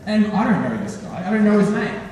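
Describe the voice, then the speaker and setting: Teen guy doing stand-up in a big echoey school hall, high voice, sounds far off from the mic. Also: a little fast, a crowd in the background. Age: teens. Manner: animated, acts out characters with voice changes. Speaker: student stand-up comic. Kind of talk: stand-up comedy routine. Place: school hall at a talent show.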